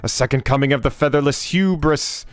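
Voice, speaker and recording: A man's voice: medium pitch, brisk, dry recording, soft background music, voice pushed up, close to an everyday voice. A man voicing a proud, zealous male gull in a video game, in a pompous, formal way with broken phrasing. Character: proud zealous talking gull, a male sea bird guard.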